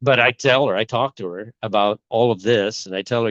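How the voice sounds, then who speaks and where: A man's voice: on the low side, brisk, hardly any pauses, fairly bright tone, no echo, muffled recording. A middle-aged man talking casually and rambling, with many fillers and restarts, as a channel host. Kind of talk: casual talk on bible timelines.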